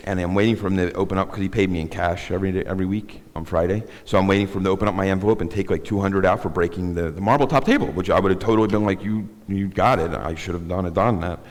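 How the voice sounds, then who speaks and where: Deep-voiced middle-aged man telling his story from the bimah, candid and self-mocking, with a long sanctuary echo. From South Philadelphia. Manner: candid, rambling storyteller with self-deprecating humor. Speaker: guest speaker. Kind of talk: personal testimony talk. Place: synagogue sanctuary.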